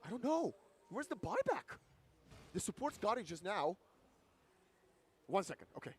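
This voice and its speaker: A male esports commentator calling a live match, excitable and rising to near-shouts at big plays, his voice going hoarse. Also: high voice, normal speed. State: losing his voice.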